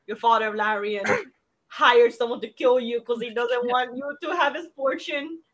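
A woman's voice: a little high, steady tone, moderate pace, fairly bright tone. A woman playing a text adventure with friends, teasing and laid-back.

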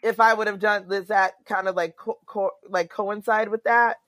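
A woman's voice: medium pitch, steady tone, normal speed, a bit bright. A woman co-hosting a podcast in casual chat, asking questions and chiming in often. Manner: conversational, asks questions, backchannels often. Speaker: podcast co-host.

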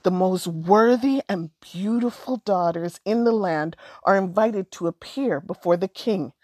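A woman's voice: medium pitch, a little slow, warm tone, dry recording, lightly acted. A woman voicing a royal messenger making a formal proclamation in a storybook.

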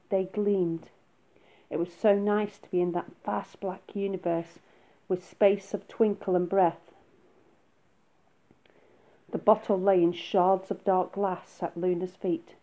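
A woman reading a children's story aloud in a soft, unhurried way. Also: medium pitch. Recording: phone-like narrow sound.

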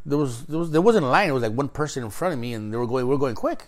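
Talking rapid-fire in a medium-pitched voice, a man casually tells a long story in a chat. He swears freely, stays animated, and acts out both sides of the exchanges he quotes.

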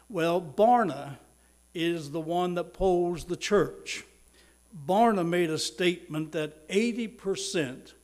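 A middle-aged male preacher delivering a sermon, slowing down for emphasis and swelling louder on key words, and leading the congregation in prayer. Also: on the high side. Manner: preaching with emphatic slow stresses and sudden swells in loudness.

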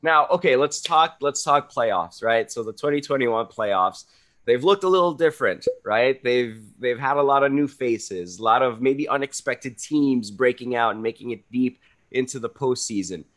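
A man's voice: medium pitch, normal speed, fairly bright tone. A man hosting a podcast, giving upbeat, hype-style introductions and chatting casually with his guest. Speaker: podcast host.

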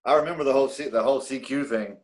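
A relaxed man in casual conversation with an old army buddy. He speaks plainly in a medium voice, with easy swearing. Short replies and laughter fill his turns. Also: medium pitch, very fast. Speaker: army veteran friend. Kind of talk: casual profane chat.

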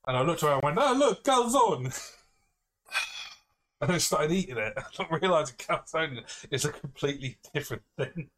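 A man's voice: fairly high pitch, moderate pace, a bit bright. Male podcast co-host, casual storyteller, self-mocking and sweary, faint background noise. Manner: rambling, self-mocking, swears freely, laughs often.

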